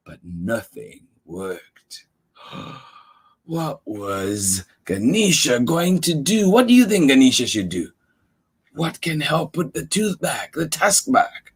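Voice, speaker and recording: A man reading a picture book aloud to children, animated and often asking the listeners questions. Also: mid-range voice, slow, slightly rough. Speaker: storyteller.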